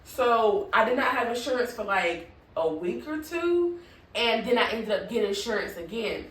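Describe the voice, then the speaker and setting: A fairly high-voiced woman tells a storytime tale to her channel in a loose, conversational way, swearing freely and checking in with "you feel me." Her voice is set back from the mic, and the room around her rings with echo. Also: lively intonation, normal speed, fairly bright tone. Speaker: vlogger. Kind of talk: casual storytime. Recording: echoey room, voice from a distance from the mic.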